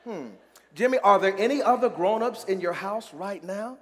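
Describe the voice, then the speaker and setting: Brief: pastor voicing a puzzled telemarketer, hesitant and polite, reverberant hall. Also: male voice, high-pitched, normal speed, a crowd in the background, lightly acted. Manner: hesitant, polite, lots of ums. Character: puzzled adult male telemarketer.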